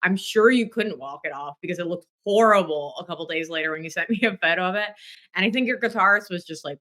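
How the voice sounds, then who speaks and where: A woman hosting a podcast in casual chat, telling a story with lively acted-out quotes and plenty of swearing. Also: on the low side, quick pace. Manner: animated storyteller, acts out quotes, swears freely. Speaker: podcast host.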